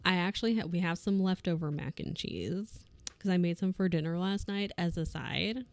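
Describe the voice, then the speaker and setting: Giggly, low-voiced woman streamer chatting. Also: moderate pace, no echo. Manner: laughs often, rambling anecdote with acted quotes. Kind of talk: casual chat while crafting on stream.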